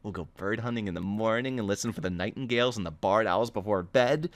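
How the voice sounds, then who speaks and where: A man reading his own novel aloud in the first person, animated and excitable as he rambles on. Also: fairly low pitch, fast, no room sound. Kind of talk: first-person story narration.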